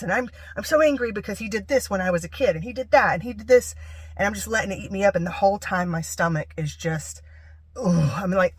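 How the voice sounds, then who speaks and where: A young woman from North Carolina who vlogs about van life rambles candidly through a personal story. She lives in a camper van, and her fairly low voice comes through with no echo.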